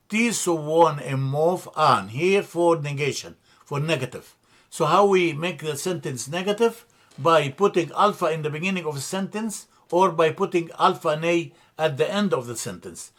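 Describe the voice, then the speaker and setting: A man teaching a classroom grammar lesson in a slightly high voice. He talks at a very slow, careful pace and repeats key words for his students. He hesitates often and corrects himself as he goes. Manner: slow, methodical, spells out letters and repeats words; frequent hesitations and self-corrections. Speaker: language teacher.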